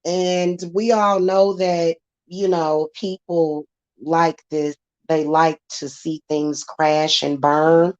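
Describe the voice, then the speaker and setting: Woman on a livestream, aave, blunt and laughy, lowish voice, kinda dull sound. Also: level tone, slow pace, darkish tone, dry recording. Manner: blunt, laughs often, talks back to chat. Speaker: livestream host. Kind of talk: casual livestream chat.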